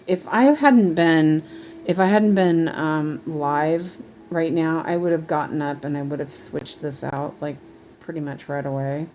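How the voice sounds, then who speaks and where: Woman, rambling live-stream chat, cross-stitch, unhurried, warm soft tone. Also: deep voice, slight background noise. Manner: rambling, chatty, many fillers.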